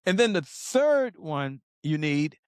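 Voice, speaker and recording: A man teaches sales to business owners with lots of energy, asking the listener questions and driving points home. His voice sits fairly high for a man and moves around a lot in pitch. The recording is dry and close, with no room sound. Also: very animated, takes it slowly, clean tone, no echo. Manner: emphatic, repeats "okay?", direct address to viewers. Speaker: business coach guest.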